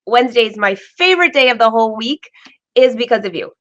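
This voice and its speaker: A woman hosting a live sewing vlog from her home studio, chatty and excitable, laughing often. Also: fairly high pitch, fast, lo-fi sound. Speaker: vlog host. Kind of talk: live-streamed casual chat.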